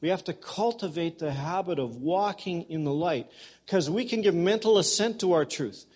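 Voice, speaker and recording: Man, pastor, sermon, husky, conversational preaching, folksy humor. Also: on the high side, normal speed, darkish tone. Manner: addresses congregation members directly.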